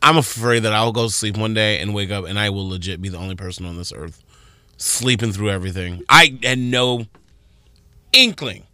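Bright, playful male radio co-host. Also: on the low side, no room sound, studio quality. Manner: playful, jokey banter with quick reactions. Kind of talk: casual morning radio chat. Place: radio studio. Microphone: studio microphone.

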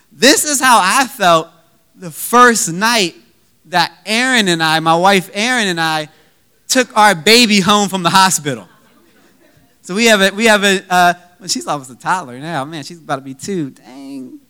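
A young adult man preaching a sermon, telling a funny personal story with lively acted-out quotes. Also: sits high, moderate pace, clean tone. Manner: animated, humorous, acts out own quoted lines. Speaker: pastor.

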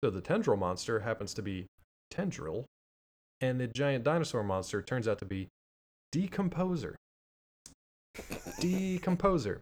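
Man, podcast co-host, casual cartoon recap, middle pitch, joking storyteller. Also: normal speed, long pauses, a little hiss or hum. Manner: animated, jokey storytelling. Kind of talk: casual chat.

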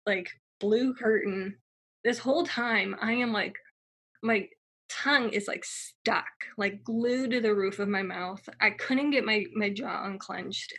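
A woman's voice: medium pitch, unhurried, fairly bright tone, slightly rough. A young woman telling her personal story in a casual, chatty way, full of fillers and acted-out quotes.

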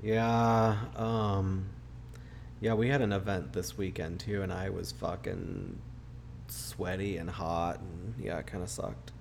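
A man's voice: deep voice, flat delivery, slow, creaky, slight background noise. A man co-hosting a casual podcast, ranting angrily and swearing often, recorded close on a home mic that runs hot. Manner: profane, ranting, loud. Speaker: podcast co-host. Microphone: close home podcast mic, hot levels.

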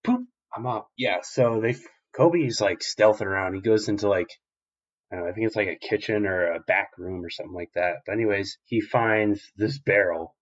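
A man's voice: lowish voice, normal speed. A man co-hosting a podcast, recapping an episode in a rambling, filler-heavy, profane way. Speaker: podcast co-host. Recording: dull lo-fi recording.

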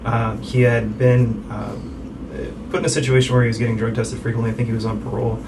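A man's voice: medium pitch, little pitch movement, fast talker. A man, an emergency physician, telling a case story with many fillers in a casual medical podcast. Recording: distant mic with background noise.

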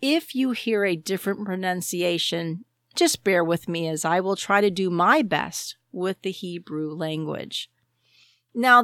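Woman host reading a bible lesson, slow and careful, asks questions out loud, dry sound. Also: medium pitch, no echo. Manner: measured, deliberate delivery with rhetorical questions. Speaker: podcast host. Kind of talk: scripted Bible teaching monologue.

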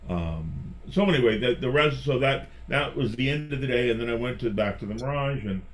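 A man's voice: mid-range voice, fairly quick. Chatty man telling an anecdote. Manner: chatty, animated storyteller who restarts phrases. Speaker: magician guest. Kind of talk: personal storytelling in conversation.

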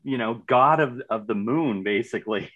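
A man's voice: mid-range voice, moderate pace, narrow, tinny audio. Male podcast co-host, eager and chatty, stumbles over his opening words. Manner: enthusiastic, repeats words when starting. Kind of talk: casual chat reviewing a TV series.

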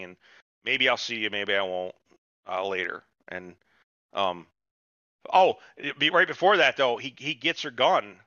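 A man's voice: sing-song, a little slow, pauses often, pushed and bright, no echo, dull audio. A man co-hosting a casual podcast, retelling a TV episode in a rambling, profane way and putting on voices for the characters. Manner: rambling, profane, acts out quotes with a jumping pitch. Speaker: podcast co-host.

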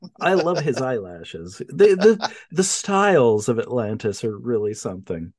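A man's voice: mid-range voice, sing-song, normal speed, darkish tone, no room sound, studio quality. A man co-hosting a podcast, chatting casually about a movie, laughing often and swearing now and then. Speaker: podcast co-host. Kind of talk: casual movie-review chat.

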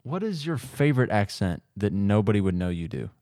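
A man's voice: on the low side, very animated, a little fast, warm tone, no room sound, clean studio sound. A man hosting a podcast in casual chat, laughing easily and rambling a bit. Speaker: podcast host.

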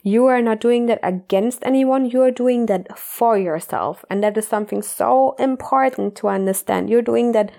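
A woman's voice: fairly high pitch, normal speed, gravelly, hardly any pauses, warm tone. A woman life coach giving earnest, heartfelt motivational podcast talk, full of "like" and casual swearing.

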